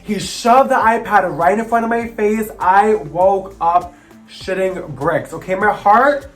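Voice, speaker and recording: A young man of about twenty telling a personal story to camera, sassy, expressive and dramatic. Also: high-pitched, unhurried, soft background music. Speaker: vlogger.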